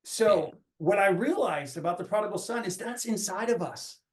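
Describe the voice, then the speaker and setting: High-voiced earnest man in echoey room. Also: animated, normal speed. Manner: earnest, restarts phrases while thinking aloud. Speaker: coach. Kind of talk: reflective podcast talk. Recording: roomy echo.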